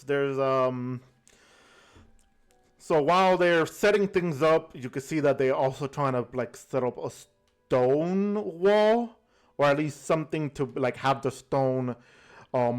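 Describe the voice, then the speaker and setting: A man narrating a tabletop game as game master, pausing with many fillers. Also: mid-range voice, clear, resonant tone, soft background music. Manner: hesitant, filler-heavy narration.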